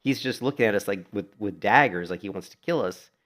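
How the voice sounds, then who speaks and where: A man's voice: lowish voice, brisk, fairly bright tone. A middle-aged man chatting casually while streaming a game from home, a laid-back, rambling storyteller who swears freely. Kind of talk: casual chat while playing. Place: home in Florida.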